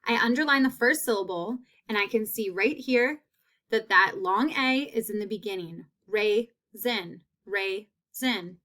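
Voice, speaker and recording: A woman teacher giving a phonics lesson, stretching out sounds and repeating each word slowly. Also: a little high, bright, forceful tone.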